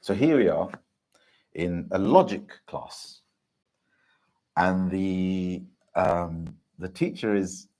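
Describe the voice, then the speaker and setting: A man giving an earnest, impassioned religious talk to a gathering, often pausing to ask if listeners understand. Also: low voice, darkish tone, slightly rough. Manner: earnest, keeps asking "do you understand?". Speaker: Islamic teacher giving a talk.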